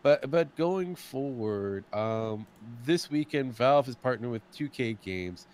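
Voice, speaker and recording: A man's voice: medium pitch, lively intonation, a little slow, darkish tone. A man co-hosting a casual gaming podcast, talking loosely and repeating words as he thinks. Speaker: podcast co-host.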